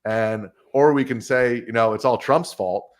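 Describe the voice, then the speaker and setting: A man's voice: medium pitch, moderate pace. A man in his thirties, a guest journalist, telling stories in a casual podcast conversation and mimicking other people's voices as he goes. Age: 30s.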